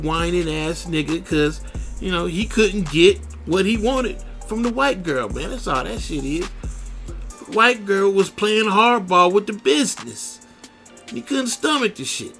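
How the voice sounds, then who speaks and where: A man's voice: sits high, gravelly, pushed and bright. A man hosting a radio show, ranting in a blunt, profane and preachy way. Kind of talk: profane solo radio rant.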